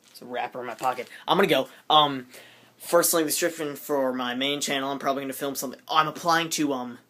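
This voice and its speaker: Bright goofy teen boy vlogging. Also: mid-range voice, steady tone, fast. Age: teens. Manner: goofy, jokey, self-interrupting. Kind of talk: rambling casual vlog. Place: his room.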